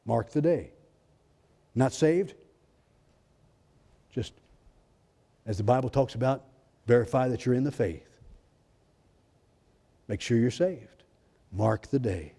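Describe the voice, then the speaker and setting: A male pastor preaching a fervent sermon, swinging between loud exclamations and hushed, intimate lines. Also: medium pitch, lively intonation, slow pace, creaky, pauses often. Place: church sanctuary. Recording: long hall reverb in a church.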